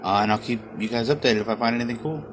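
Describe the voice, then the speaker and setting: A man's voice: medium pitch, very fast, background noise. A man in his thirties talking casually to camera in a home video diary, rambling with many fillers and restarts. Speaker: vlogger documenting his inherited house.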